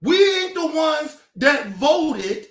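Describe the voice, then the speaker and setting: Profane and confrontational, this commentator fires an angry rant at the camera in a strikingly high, fairly bright voice, with large pitch swings and a slow pace. He repeats himself whenever he stumbles. The room is echoey.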